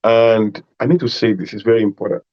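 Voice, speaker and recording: A man's voice: on the low side, steady tone, brisk. A man from Nigeria giving an emphatic preaching talk to a youth conference, repeating phrases and acting out little dialogues. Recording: dull lo-fi sound.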